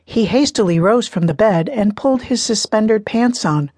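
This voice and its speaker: In this scripted narration, a woman reads a novel aloud in a steady, measured storytelling manner. She is an audiobook narrator with a medium-pitched voice, recorded dry and at studio quality.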